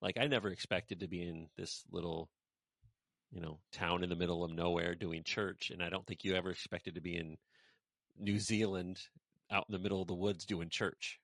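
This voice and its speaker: A man's voice: low voice, fairly even intonation, moderate pace, a bit bright, no echo, clean studio sound. A man hosting a casual podcast, talking in a rambling way with lots of "you know" fillers. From United States. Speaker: podcast host. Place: rural village.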